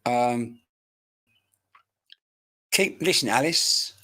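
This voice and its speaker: A man's voice: medium pitch, expressive, drawn-out words, pushed and bright. Rambling man giving a live reading. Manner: chatty, rambling, bantering, swears casually. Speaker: medium. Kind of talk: live-streamed mediumship reading. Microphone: webcam mic.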